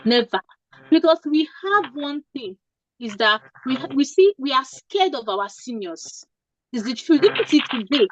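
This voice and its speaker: A woman's voice: high-pitched, big pitch swings, normal speed, poor audio. A woman from Nigeria giving informal interview advice to nurses, emphatic and repeating her points with frequent "okay?" checks. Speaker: career coach for nurses.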